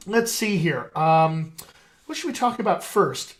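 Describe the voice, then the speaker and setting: A dialect coach with a high, expressive, slightly bright voice speaks slowly as he hosts a live video stream. Through a video call setup, he keeps up casual, playful chat aimed straight at his viewers.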